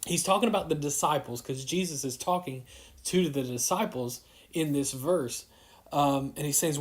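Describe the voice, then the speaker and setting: A man with a slightly high voice gives a casual livestreamed devotional as a youth pastor. He speaks haltingly, with many fillers and restarts.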